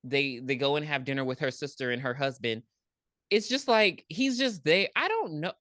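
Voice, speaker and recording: A woman co-hosting a podcast, recapping a movie in blunt, profane, animated casual chat. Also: deep voice, normal speed, no echo, clean studio sound. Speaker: podcast co-host.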